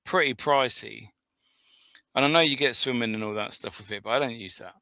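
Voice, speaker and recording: A man's voice: mid-range voice, brisk, gravelly, bright, forceful tone, no echo. A man co-hosting a podcast, chatting casually and jokily, laughing often and swearing freely. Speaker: podcast co-host. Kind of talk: casual chat.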